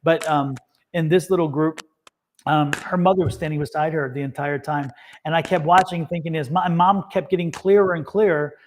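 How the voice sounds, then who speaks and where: A man's voice: a little high, steady tone, normal speed, slight background noise. A man hosting a live tarot reading session, chatting casually, repeating himself and laughing often. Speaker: tarot reader and co-host. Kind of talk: casual livestream chat.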